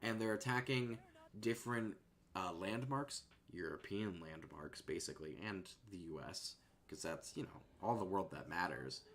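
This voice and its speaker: A man chats on a stream in a relaxed, rambling way, his voice sitting a little low. His sentences often drift and trail off softly as he thinks aloud. He sounds close to a desk microphone. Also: moderate pace, a little hiss or hum. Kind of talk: casual chat.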